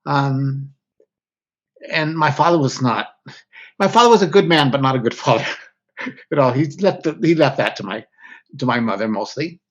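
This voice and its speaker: A man's voice: mid-range voice, lively intonation, moderate pace, pauses often. A man, a guest author, speaking candidly and reflectively in an interview, often breaking off mid-thought. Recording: slightly dull lo-fi audio.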